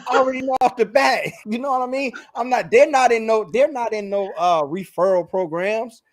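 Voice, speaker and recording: A man with a Chicago accent hosting a casual business talk show, animated and slangy, laughing often. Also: very high-pitched, fairly quick, no room sound. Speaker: podcast host. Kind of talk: casual chat.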